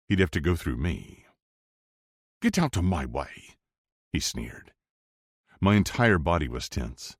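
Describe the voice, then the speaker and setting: A man narrating a first-person romance audiobook in a low, steady, intense delivery. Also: gravelly, breathy edge, no echo, studio quality.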